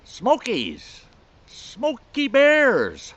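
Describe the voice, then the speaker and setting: A man voicing an old backwoods bear hunter friend who tells tall tales matter-of-factly, his voice pitched up from his own. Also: wildly swooping pitch, extremely slow, a bit bright, heavily acted. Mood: amused. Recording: slightly muffled recording with faint hiss.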